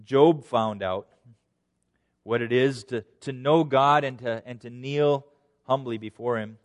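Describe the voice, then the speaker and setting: A man preaching a sermon, dropping to a hush and then rising loud and high for emphasis, acting out scripture voices. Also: measured pace. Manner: dramatic swings from hushed to loud, voicing scripture quotes. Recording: long hall reverb.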